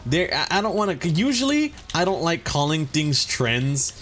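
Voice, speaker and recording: A man's voice: on the high side, big pitch swings, normal speed, a bit bright. A man hosting a gaming let's play, rambling and cursing casually with lots of filler words and joking swagger. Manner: mock-serious swagger mixed with jokes. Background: faint game music.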